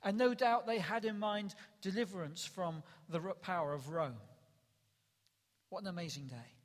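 A man's voice: high-pitched, moderate pace. A male preacher giving a dramatic sermon that rises to emphatic calls, recorded in a church hall. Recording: long reverb in a large hall.

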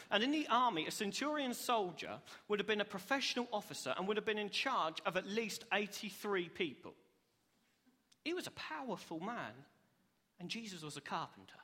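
A man's voice: sits high, pushed and bright. A young man preaching a sermon in a church hall, earnest and upbeat, acting out the reactions he describes. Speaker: preacher, cell group leader. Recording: long hall reverb.

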